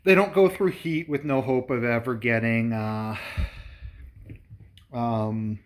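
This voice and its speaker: A man's voice: medium pitch, steady tone, slow. A man chatting casually and rambling about his cat, laughing often and a little out of breath. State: slightly out of breath from coffee. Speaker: pet vlogger. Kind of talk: casual chat to camera.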